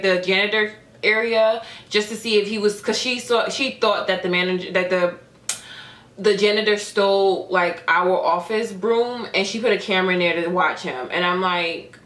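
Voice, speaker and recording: A young woman retells a story for her vlog in loose, chatty talk, peppered with "like" and acted-out quotes. Her voice sits in a middling pitch. The room around her rings with noticeable echo. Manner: animated, fills speech with "like", acts out quoted dialogue. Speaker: vlogger. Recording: roomy echo.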